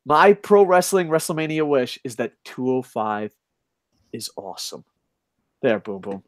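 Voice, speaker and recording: A man co-hosting a casual podcast, ranting loudly with lots of swearing. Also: medium pitch, very animated, a little slow, no room sound. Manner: loud, profane ranting. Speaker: podcast co-host.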